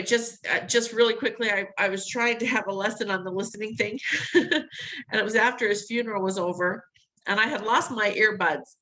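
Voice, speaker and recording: Middle-aged woman guest for a heartfelt story, lively, quick to laugh, voices others' words. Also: medium pitch, a little hiss or hum, poor audio. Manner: animated, acts out quotes, laughs often. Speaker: interview guest. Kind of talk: emotional personal storytelling.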